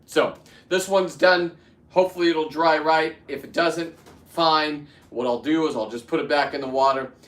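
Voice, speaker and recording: A man's voice: fairly high pitch, steady tone, moderate pace, a bit bright, echoey room, recorded from a distance. A man in his fifties talking casually to camera while he works, rambling with many restarts and getting worked up as he goes. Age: 50s. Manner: rambling, restarts, heats up into ranting. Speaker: vlogger.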